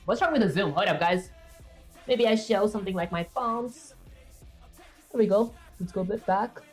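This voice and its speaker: A woman's voice: mid-range voice, normal speed, soft background music. Chatty woman streaming while she codes. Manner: chatty, rambling, with filler words and self-talk. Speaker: streamer coding live. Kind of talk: casual livestream commentary while coding. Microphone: streaming setup with webcam.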